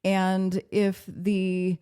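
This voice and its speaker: A woman's voice: mid-range voice, monotone, extremely slow, mellow, clear, resonant tone. A woman co-hosting a political podcast, making pointed remarks and telling listeners what to pay attention to. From United States. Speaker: podcast co-host. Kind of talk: casual political podcast talk.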